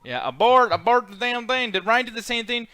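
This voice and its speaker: A man co-hosting a casual chat show, loud and swearing, often breaking into laughter. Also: very high voice, a little fast. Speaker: co-host.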